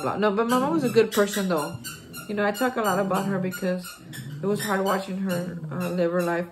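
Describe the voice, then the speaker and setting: A man with a gravelly, fry-edged voice gives a heartfelt spiritual recovery talk. He speaks earnestly and encouragingly, often stopping to restart a phrase as he hosts his daily reflection. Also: sits high, noisy background.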